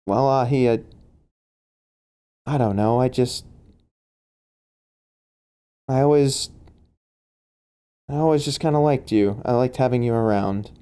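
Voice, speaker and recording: Man playing a kindly older orphanage woman, weary and soft, mellow tone. Played in a tabletop game. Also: on the low side, a little slow, pauses often. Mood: gentle.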